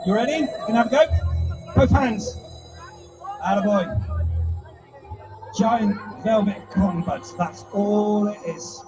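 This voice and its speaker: Male live-show presenter, high voice, playful crowd patter, off-mic and dull with music behind. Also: slow, pauses often, far from the mic. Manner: chatty, teasing, playful showman. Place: live indoor show with audience.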